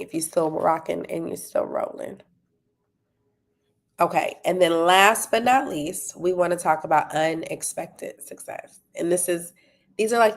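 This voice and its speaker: A woman running a parenting talk, encouraging and checking in with her listeners as she promotes her tutoring company. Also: fairly low pitch. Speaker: parenting coach and tutoring business owner.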